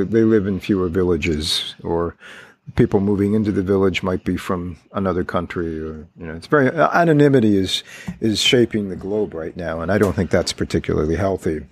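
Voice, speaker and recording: A man hosting an interview podcast, talking haltingly with many fillers and restarts. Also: deep voice, a little hiss or hum. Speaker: podcast host. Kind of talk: casual interview. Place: Chicago.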